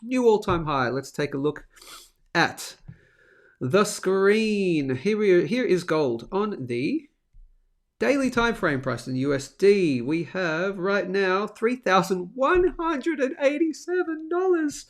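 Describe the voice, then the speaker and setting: A man's voice: high voice, animated, takes it slowly. An Australian man hosting a casual live stream, upbeat and chatty as he greets viewers by name, while getting over a throat infection that leaves him coughing. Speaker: host of a live stacking show.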